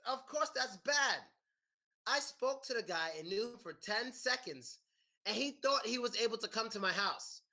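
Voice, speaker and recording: An American man teaching a class, animated and repeating his questions to the students. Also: extremely high pitch, normal speed. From United States. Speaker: English teacher. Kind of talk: classroom lesson.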